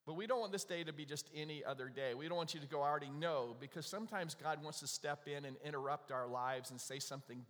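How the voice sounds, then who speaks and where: A middle-aged pastor preaches an Easter sermon full of stories, often checking in with the congregation by asking "right?". His voice is a little high and fairly bright, carried by a long hall reverb.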